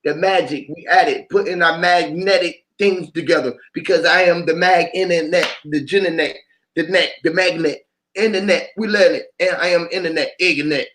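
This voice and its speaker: A man with a high, light voice talks in a freestyle monologue. He drifts from word to word and chants repeated sounds in a loose stream of wordplay. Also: steady tone, moderate pace, a bit bright. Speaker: vlogger.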